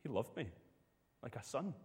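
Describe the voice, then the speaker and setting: Preacher telling a story in a hall. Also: male voice, medium pitch, animated, normal speed, a little mellow, husky. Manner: storytelling, conversational. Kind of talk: sermon.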